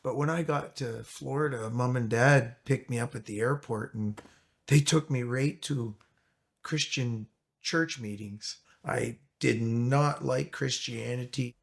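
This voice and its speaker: A middle-aged man from Canada giving an earnest, reflective personal testimony, with a gravelly voice. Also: mid-range voice, unhurried. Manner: earnest, reflective, emotional retelling. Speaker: testimony speaker. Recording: music bed under voice.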